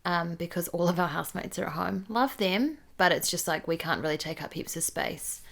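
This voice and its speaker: Gravelly New Zealand woman podcaster. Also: on the low side, fairly quick. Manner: relaxed, chatty, reads listener questions aloud. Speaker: podcast co-host. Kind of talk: casual chat.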